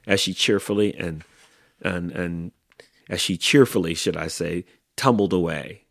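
Deep husky man reading slowly. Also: dry recording, clean studio sound. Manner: slow, expressive storytelling. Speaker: podcast host. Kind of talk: reading a children's book aloud.

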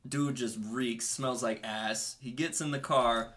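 A man's voice: mid-range voice, fairly even intonation, takes it slowly, a bit bright. Laughing young man telling stories. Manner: swearing, laughing storyteller. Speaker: podcast co-host. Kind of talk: casual storytelling.

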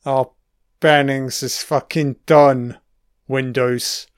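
A man's voice: medium pitch, level tone, takes it slowly, smooth, dry recording, studio quality. A man giving a casual audio commentary on a film, swearing freely and rambling with trailing-off asides. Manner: profane, enthusiastic, frequent swearing.

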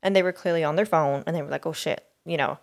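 Low, gravelly-voiced woman chatting casually. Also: racing. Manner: rambling, hesitant, searches for words. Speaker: podcast co-host. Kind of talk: casual chat.

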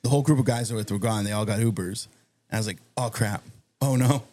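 A man telling a long, animated story on a podcast, acting out the other people in it. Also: fairly low pitch, fast. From Massachusetts. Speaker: guest storyteller. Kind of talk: casual anecdote on a podcast.

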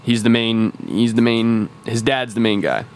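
Podcast co-host, male, mid-pitched voice; loose, cussing, rambling explainer, faint hiss behind. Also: normal speed. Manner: rambling, profane lore explainer. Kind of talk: casual chat.

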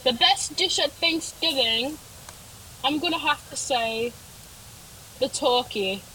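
A woman's voice: high-pitched, slow pace, sharp tone, slight background noise, poor audio. A young woman co-hosting a podcast in casual chat, telling rambling stories with many fillers. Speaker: podcast co-host.

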